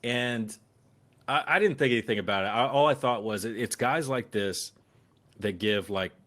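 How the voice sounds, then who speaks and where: A man co-hosting a casual podcast, telling a profane anecdote with lively acted-out quotes. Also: mid-range voice, normal speed. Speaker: occasional co-host.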